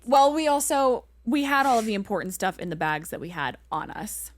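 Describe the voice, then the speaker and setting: Animated young woman telling a story. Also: on the high side, brisk, dry recording. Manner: animated, acts out quoted voices, many "like"s. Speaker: podcast co-host. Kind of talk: casual storytelling chat.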